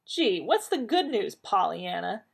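A woman's voice: mid-range voice, big pitch swings, unhurried, husky, pitched above the performer's own voice. A woman reading aloud, voicing a sarcastic, fretful man with snappy, rising exclamations.

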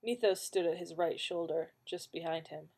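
A woman narrating an audiobook in a measured, even storytelling manner. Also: lowish voice, husky.

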